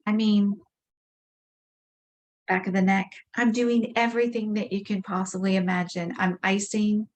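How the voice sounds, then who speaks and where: A woman leading a tapping session, speaking slow repeated affirmations about her frustration. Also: medium pitch, little pitch movement. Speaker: EFT tapping practitioner. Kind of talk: guided tapping script, slow repeated phrases.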